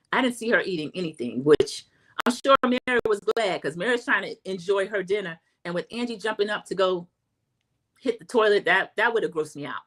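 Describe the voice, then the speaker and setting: A middle-aged woman, chatting through a casual TV recap and acting out quotes in a high voice. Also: a bit bright. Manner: chatty, acts out quotes in a high voice, says "y'all". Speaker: recap host.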